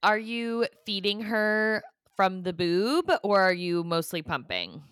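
A woman in her thirties co-hosting a podcast, chatting casually and agreeing warmly with her co-host. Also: medium pitch, lively intonation, smooth, no echo, studio quality. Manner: supportive, quick to agree. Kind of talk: casual chat.

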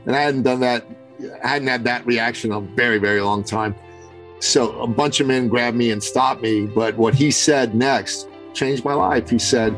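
A man's voice: medium pitch, fairly even intonation, moderate pace, over music, rough recording. A man telling a personal story in casual podcast chat, growing fervent and preachy. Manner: fervent, builds to preaching intensity.

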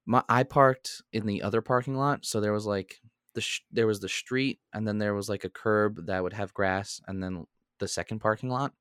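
A young man and podcast co-host telling a story in a casual, animated way. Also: moderate pace, clean tone, no room sound, clean studio sound. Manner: animated storyteller, jumps into high voices when quoting.

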